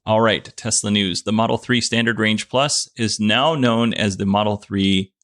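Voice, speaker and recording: A man's voice: on the low side, steady tone, normal speed, few pauses, fairly bright tone, dry recording, studio quality. A man hosting a casual solo podcast, from the United States, giggling and fighting off laughter as he talks. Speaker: podcast host.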